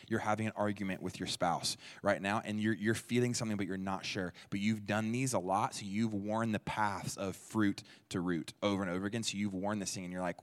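A man preaching a sermon in a church, talking in a conversational, energetic way and acting out quoted people. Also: brisk, hardly any pauses. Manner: conversational and energetic, jumps into playful high-pitched voices for quoted people. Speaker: pastor.

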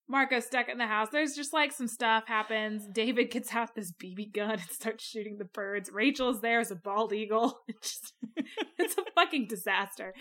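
A woman's voice: on the high side, sharp tone. A woman co-hosting a casual book podcast, talking animatedly, laughing often and acting out the characters she quotes. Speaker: podcast co-host.

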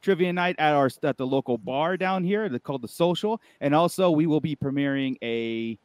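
Male podcast host: a little high, laughs a lot, loose rambling talk, dry sound, faint music. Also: fairly quick, a little mellow, dry recording. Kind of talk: casual live podcast chat.

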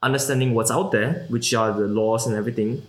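A young man from Malaysia, a guest in a casual interview, talking quickly and loosely with lots of "like" fillers and the odd swear word. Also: mid-range voice, steady tone. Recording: roomy echoey recording.

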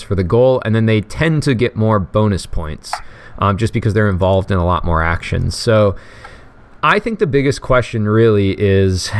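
Low smooth-voiced man chatting. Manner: chatty, joking, many fillers and restarts. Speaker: podcast co-host. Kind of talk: casual chat about fantasy football.

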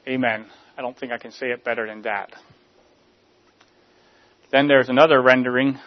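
Man preaching, measured, slightly muffled. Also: medium pitch, steady tone. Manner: measured, rhetorical, drops soft at line ends. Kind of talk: sermon.

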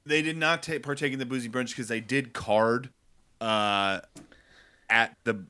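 Bright, clear-voiced man rambling casually. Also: mid-range voice, steady tone, measured pace. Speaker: podcast co-host. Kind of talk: casual chat.

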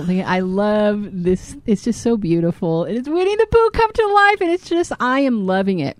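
Woman podcast co-host, profane storyteller, lively swooping pitch, dry close sound. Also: no echo. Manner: profane, animated storytelling with big vocal swings. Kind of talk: casual comedic chat.

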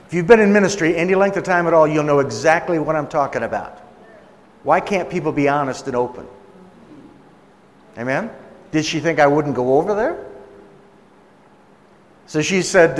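A man preaches a sermon and tells it as a story, chatting with his listeners and acting out the people in it. His voice sits a little high. A long reverb from the hall trails after each phrase. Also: normal speed, long pauses. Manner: conversational, acts out quoted voices.

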